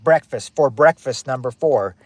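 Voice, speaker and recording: A man's voice: mid-range voice, moderate pace, no echo. A man hosting a family quiz game on a livestream, reading questions and chatting with viewers by name, often repeating himself. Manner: chatty, repeats phrases, reacts to chat names.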